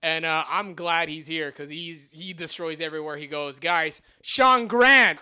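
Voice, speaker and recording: A man hosting a comedy show, hyping the crowd and shouting out the next comedian. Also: a little high, a little slow, clear, resonant tone. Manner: hyped, shouting intros. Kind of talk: introducing comedians.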